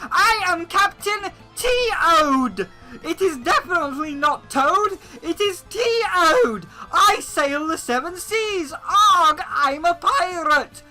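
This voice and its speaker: A man voicing a squeaky, shrill male mushroom sidekick who shouts over the top. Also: animated, slow, soft background music, exaggerated voice. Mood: boastful.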